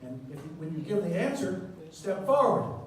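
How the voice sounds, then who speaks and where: A man's voice: sits high, sing-song, moderate pace, distant mic. Emphatic man lecturing in an echoey hall. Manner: emphatic, repeats key words, swings loud and soft. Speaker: surgeon lecturing on presenting. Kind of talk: conference talk. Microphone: handheld mic.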